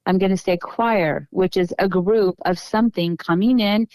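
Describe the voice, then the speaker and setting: Smooth-voiced middle-aged woman telling stories. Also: mid-range voice, steady tone, normal speed, darkish tone, dry recording, poor audio. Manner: meandering, self-correcting storyteller. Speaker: podcast guest. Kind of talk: casual storytelling interview.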